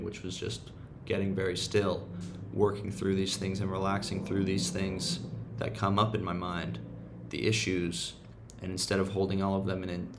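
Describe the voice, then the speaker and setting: Man, fry in the voice, faint background hiss, slangy, swearing, casual motivational talk. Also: low voice. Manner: loose, emphatic, swears freely, slangy. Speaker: meditation and self-help host.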